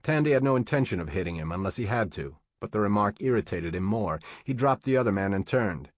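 Deep-voiced male audiobook narrator. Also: no echo. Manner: steady, measured storytelling.

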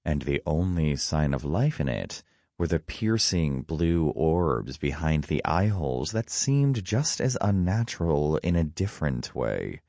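A man with an extremely deep voice reads a first-person story in a wry, dry manner. His delivery is slow but melodic, rising and falling through the sentences. The recording is close and dry, with no room sound. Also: sing-song, gravelly, darkish tone, dry recording. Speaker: narrator. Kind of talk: first-person audiobook narration.

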